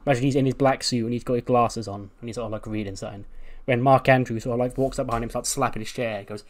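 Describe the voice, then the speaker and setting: A man narrating a game playthrough in a casual, excitable way, often laughing. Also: medium pitch, fast talker. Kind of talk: casual gameplay storytelling.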